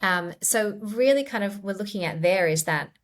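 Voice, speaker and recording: A middle-aged woman, a clinical psychologist, explaining ideas gently in a podcast interview. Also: medium pitch, expressive, moderate pace. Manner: gentle, explanatory, acts out quoted inner voices.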